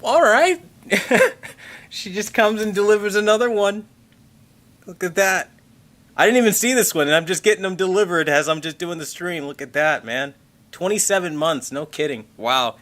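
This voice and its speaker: A man hosting a tech livestream in casual chat, excitable and rambling, swearing casually and thanking members. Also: high-pitched, normal speed. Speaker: tech channel host reading member messages on a livestream.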